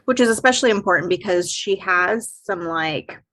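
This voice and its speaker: A woman's voice: on the low side, normal speed, sharp tone. A woman co-hosting a dance podcast, chatting about technique, laughing easily and searching for words. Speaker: dance instructor co-host. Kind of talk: casual technical chat.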